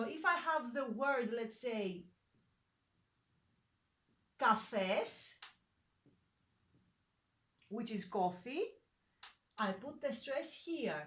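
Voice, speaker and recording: Slow, patient woman teaching a lesson. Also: on the high side, big pitch swings, a bit bright. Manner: patient, many fillers and self-corrections. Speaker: language teacher. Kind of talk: slow, hesitant online lesson explanation.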